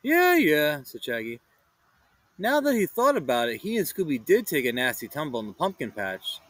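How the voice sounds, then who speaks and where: A man narrating a children's storybook in an expressive, animated read-aloud style. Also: medium pitch, fairly quick, no room sound, low-quality recording. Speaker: storybook reader.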